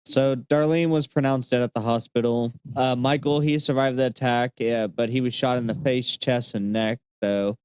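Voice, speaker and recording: Smooth, dry-voiced man recapping notes. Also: mid-range voice, fairly even intonation, moderate pace, few pauses, darkish tone, no room sound. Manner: recounts case notes with frequent fillers. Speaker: podcast host. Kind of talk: casual podcast chat.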